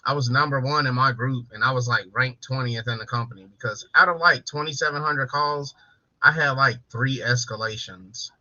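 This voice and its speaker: A man hosts a late-night livestream in loose, profane chat, bragging through stories about his old call-center job. His voice sounds very bright. The recording is dry and a little dull. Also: mid-range voice, normal speed, no echo. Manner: profane, boastful storytelling with laughs. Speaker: livestream host. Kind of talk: casual bar-style chat.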